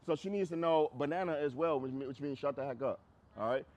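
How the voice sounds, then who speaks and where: A man's voice: on the high side, quick pace, darkish tone, highs cut off. Blunt, casual male dog trainer. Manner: blunt, conversational, repeats phrases for emphasis. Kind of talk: group class instruction outdoors.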